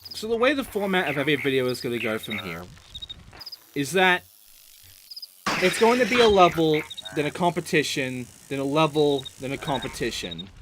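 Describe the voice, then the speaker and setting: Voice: medium pitch, big pitch swings, moderate pace, noisy background. A gaming host giving let's play commentary, ranting in a profane, exasperated way.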